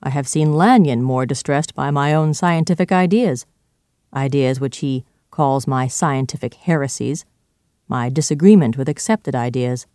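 A reader voicing a fifty-year-old male doctor in a storybook reading, earnest and pleading but turning sharp and firm when pressed. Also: mid-range voice, normal speed, clear, resonant tone, no room sound, studio quality, natural voice. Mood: exasperated.

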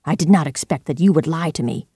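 A man reading aloud and voicing a pale, sinister man who is defiant and quick to anger, with a sharp, accusing delivery. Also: fairly high pitch, lively intonation, slightly rough, no room sound, clean studio sound.

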